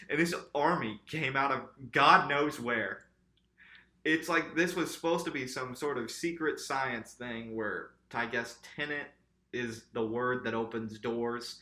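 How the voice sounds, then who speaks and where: A man's voice: medium pitch, unhurried, pushed and bright, roomy sound. A man co-hosting a podcast, casually and sarcastically picking apart a movie with jokes and swearing. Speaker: podcast co-host. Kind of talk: casual movie review chat.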